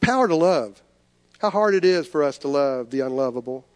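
A man preaching a sermon in a church sanctuary, earnest, moving between soft pleading and lifted emphasis. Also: a little high, animated, normal speed, long reverb tail. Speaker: pastor.

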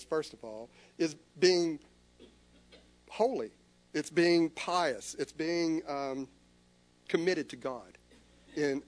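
A male pastor preaching a sermon, telling a personal story in an earnest way and acting out his own inner dialogue. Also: fairly high pitch.

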